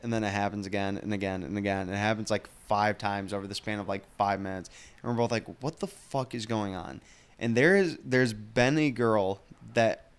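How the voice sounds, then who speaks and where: A young man co-hosting a podcast, telling a story in a casual, animated way, swearing and laughing as he goes. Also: lowish voice, smooth. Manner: animated, profane, laughs through stories. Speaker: podcast co-host.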